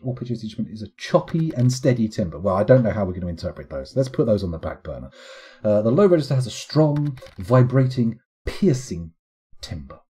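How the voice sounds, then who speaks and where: A playful man chats loosely on a live stream, wandering off on tangents and humming out sound effects. His pitch bounces around a lot, and the voice is mellow with a husky edge. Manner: playful, rambling, makes vocal sound effects. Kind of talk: casual live-stream chat.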